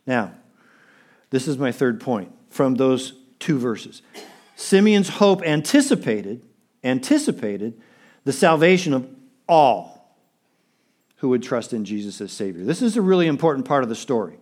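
A man's voice: medium pitch, very animated, moderate pace, darkish tone. Man preaching an emphatic sermon. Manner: emphatic, repeats phrases for stress, addresses the congregation directly. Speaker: pastor.

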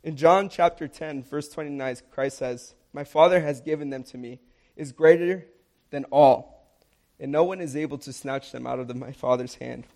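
A man's voice: mid-range voice, normal speed, gravelly, a little mellow. A young man preaching a sermon, earnest and emphatic, repeating key lines for stress.

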